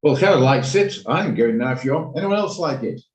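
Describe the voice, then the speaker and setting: A man's voice: medium pitch, animated, a little fast, echoey room, low-quality recording. Chatty man on a trading call. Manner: chatty, thinking aloud while trading. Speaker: trading room host. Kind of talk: live trading commentary. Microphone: video call.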